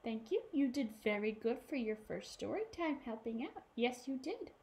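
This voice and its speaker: A woman who is a children's librarian, reading a picture book aloud in an animated way and asking questions of a child listener. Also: a little high, moderate pace.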